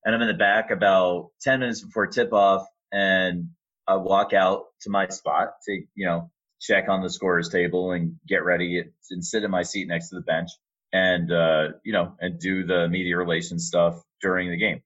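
A middle-aged man, an arena announcer, telling a relaxed story with fillers in a casual interview. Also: sits low, moderate pace, dull audio. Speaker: arena announcer and sports media relations staffer.

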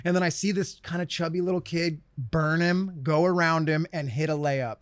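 A man's voice: a little high, normal speed, no room sound. A man, co-hosting a podcast, telling stories animatedly and acting out what people said. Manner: animated storyteller, acts out quotes, swears freely. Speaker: co-host. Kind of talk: casual podcast chat.

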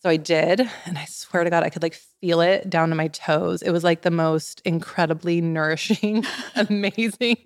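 A woman's voice: fairly low pitch, normal speed, few pauses, no room sound, studio quality. A woman in her forties, a wellness expert guest, telling stories in casual podcast chat with lots of "like" fillers. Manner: animated storyteller, many "like" fillers.

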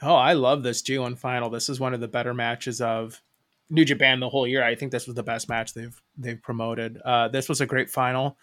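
A man with a Michigan accent talks loosely and at length, peppering his points with swear words. His voice sits at an ordinary pitch. The sound is dry and close, with no room around it. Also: level tone, a little fast, fairly bright tone, no room sound. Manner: rambling, swears freely. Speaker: podcast co-host. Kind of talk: casual chat.

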